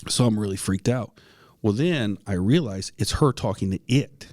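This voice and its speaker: A man's voice: fairly low pitch, lively intonation, moderate pace, a little mellow. A man co-hosting a podcast, telling a personal ghost story in a casual, earnest way, with many restarts and the odd cough. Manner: coughs now and then. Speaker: podcast co-host.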